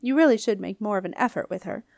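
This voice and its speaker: A woman's voice: medium pitch, animated, fast talker, gravelly, darkish tone, no echo. Woman reader as storybook ghost queen granny: bossy, huffy, over 60, dry close recording. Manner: bossy, huffing, imperious. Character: fussy, exasperated old ghost queen grandmother.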